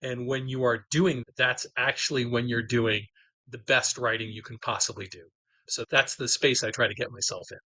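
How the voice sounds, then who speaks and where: A middle-aged man tells enthusiastic stories about his writing in a casual interview. His voice is bright and forceful, and it sounds dry and close. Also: mid-range voice, moderate pace, dry recording, low-quality recording. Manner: enthusiastic, animated storyteller. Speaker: novelist and guest.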